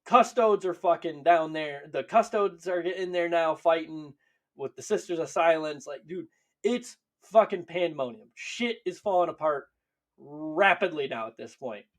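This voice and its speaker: A man co-hosting a podcast, telling stories in a laughing, profane, animated way. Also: on the high side, a little slow. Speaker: podcast co-host. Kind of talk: casual chat.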